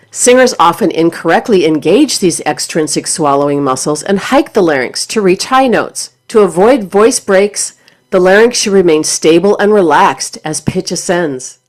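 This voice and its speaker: A woman voice teacher giving scripted instructional narration in a clear, measured, explanatory way. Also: lowish voice.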